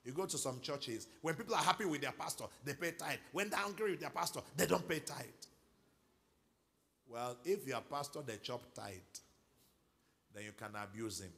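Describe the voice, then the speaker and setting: A middle-aged Nigerian man preaching a sermon as pastor, moving from quiet asides to loud exhortation and calling for responses. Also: medium pitch, lively intonation, moderate pace, vocal fry. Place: large church hall.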